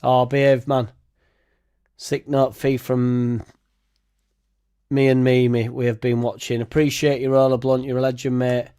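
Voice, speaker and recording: Rambling, laughing lad. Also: male voice, mid-range voice, flat delivery, a little slow, pauses often, dark tone, smooth. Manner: laughs often, swears freely, rambling. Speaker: fan channel host. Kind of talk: casual livestream reaction chat.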